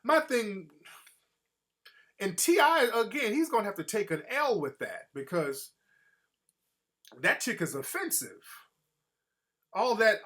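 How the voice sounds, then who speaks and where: A man hosting a show, giving casual, profane opinion commentary in an animated way and often slipping into mocking impressions. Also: sits high, slow pace, long pauses. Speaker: host.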